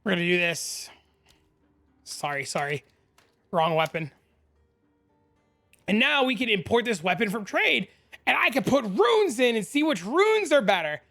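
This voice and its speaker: A hoarse man hosting a gaming channel, talking excitedly and rambling step by step through a screen-recorded game tutorial into a desk microphone. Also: extremely high pitch, normal speed, soft background music. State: hoarse, losing his voice.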